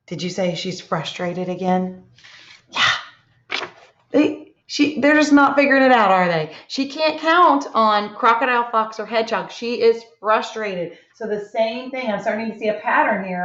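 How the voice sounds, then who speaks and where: A fairly high-voiced woman teaching a reading lesson to small children, slow and encouraging, always checking in with little tag questions. The sound is dull and lo-fi, with a roomy echo from the classroom. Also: fairly bright tone. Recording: echoey room, dull lo-fi sound.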